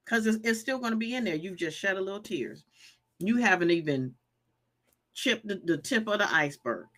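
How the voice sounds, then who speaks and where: A woman's voice: medium pitch, a bit bright. A woman in her fifties hosting a live stream, emphatic and preachy, repeating her points and reading viewer comments aloud. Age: 50s. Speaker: live show host giving healing advice.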